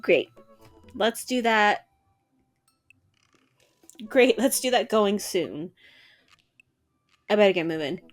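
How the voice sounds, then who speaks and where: A relaxed, sporty young dad who calls everyone dude and bro, read by a woman. His delivery is easygoing and drawling, with a mid-range voice and faint music underneath. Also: medium pitch, takes it slowly, pauses often. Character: upbeat young-dad jock, laid-back bro.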